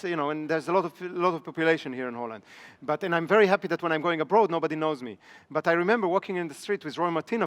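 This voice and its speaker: With a high-pitched, slightly bright voice, a middle-aged man leads a business training seminar live. He keeps asking rhetorical questions to check on his listeners. Long reverb fills the big training hall.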